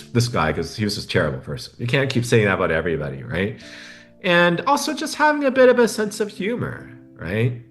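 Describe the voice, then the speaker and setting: A man as a podcast guest, talking reflectively and often checking in with the listener. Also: lowish voice. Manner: reflective, often adds a tag question. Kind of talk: conversational interview.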